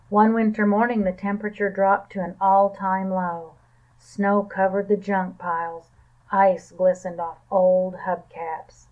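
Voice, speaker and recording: A woman librarian reading a children's picture book aloud in a calm, even storytelling manner. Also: medium pitch. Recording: tinny phone-like sound.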